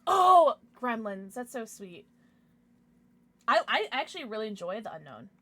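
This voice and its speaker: Casting: bright, bouncy young female streamer, squeals and murmurs, chatty at her desk mic. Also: fairly high pitch, sing-song. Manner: bubbly, gushing, quick swings to squeals and mumbles. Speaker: livestreamer. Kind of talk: casual chat.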